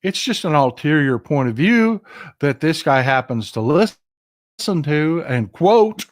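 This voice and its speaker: A middle-aged man from Texas hosts a casual political livestream, speaking in a somewhat high voice. He is impassioned and emphatic, addressing his audience directly. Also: sing-song, measured pace. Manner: impassioned, emphatic, talks straight to viewers. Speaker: political commentary livestream host.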